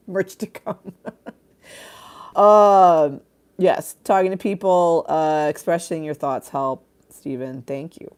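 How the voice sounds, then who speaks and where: A woman's voice: on the low side, fairly even intonation, slow, darkish tone. A woman hosting a livestream in casual chat, rambling and candid, laughing often and swearing freely. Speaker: livestream host.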